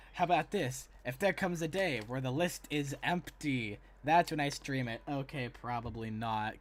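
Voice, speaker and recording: A streamer giving wry, sarcastic running commentary during a casual live-stream reaction, reading and answering chat. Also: medium pitch. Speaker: streamer reacting to an animated episode.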